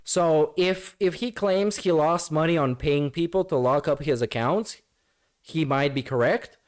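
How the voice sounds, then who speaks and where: A man's voice: on the high side, unhurried. A man streaming a reaction to a clip, talking back at it with sarcastic, mocking, profane commentary.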